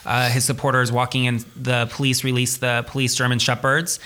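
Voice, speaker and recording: A man's voice: mid-range voice, monotone, fairly quick, bright, forceful tone. A man in a casual film discussion, recounting a scene in a matter-of-fact way.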